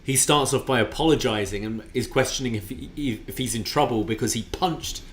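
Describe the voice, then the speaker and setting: A man's voice: mid-range voice, a little fast, a little hiss or hum. A man co-hosting a casual wrestling review podcast, talking with enthusiasm and often restarting his sentences. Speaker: podcast co-host.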